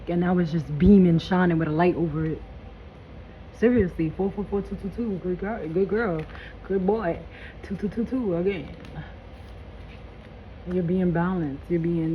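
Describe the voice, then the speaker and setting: A woman's voice: fairly low pitch, highs cut off, a little hiss or hum. Hyped slangy woman giving a spiritual reading. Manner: hyped, blunt, swears freely, slangy. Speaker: tarot reader. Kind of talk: casual spiritual reading vlog.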